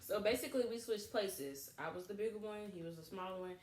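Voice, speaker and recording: A woman co-hosting a couple channel chats casually, telling stories animatedly and laughing often at a fast pace in a medium-pitched voice. The recording is in a roomy, echoey space with faint noise.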